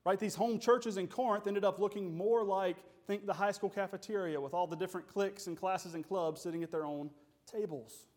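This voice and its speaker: A man's voice: high-pitched, fairly even intonation, brisk, a little mellow. A man preaching a sermon as pastor, emphatic and full of rhetorical questions.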